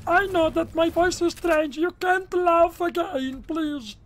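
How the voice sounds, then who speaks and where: A squeaky high Italian voice. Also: male voice, steady tone, takes it slowly, a bit bright, a little hiss or hum, exaggerated voice. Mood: pleading. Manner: broken English, repeats words, begs not to laugh. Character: man with strange squeaky high voice, pleading and earnest. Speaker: gaming YouTuber. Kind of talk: prank voice in online game chat.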